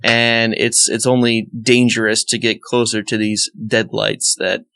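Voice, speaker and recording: A man co-hosting a podcast as a first-time reader, chatting casually, animated, laughing often and acting out quoted lines with some swearing. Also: lowish voice, measured pace, vocal fry, smooth.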